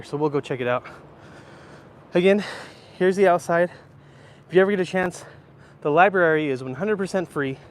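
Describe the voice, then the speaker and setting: On a live stream shot from a handheld phone, a man in his thirties walks from an indoor library out onto a rooftop. His voice is on the high side, with a little hiss or hum in the background. He chats casually and rambles as he responds to viewers' questions.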